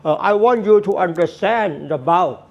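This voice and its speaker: Slow, earnest man giving a Buddhist talk. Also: sits high, highs cut off. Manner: repetitive, earnest, non-native phrasing. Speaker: Buddhist teacher. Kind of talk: slow spoken Dharma talk.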